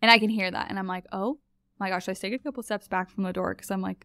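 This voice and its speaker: Female guest storyteller, creaky vocal fry, chatty and animated, close dry sound. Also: medium pitch, fast, no room sound. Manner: animated, chatty, laughs often. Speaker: podcast guest. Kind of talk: casual storytelling.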